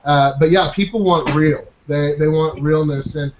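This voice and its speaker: A man's voice: a little high, fairly even intonation, normal speed. A man hosting a casual group call, talking in an upbeat, encouraging way with many fillers. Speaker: host of a marketing coaching group call. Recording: dull, roomy call audio with faint noise.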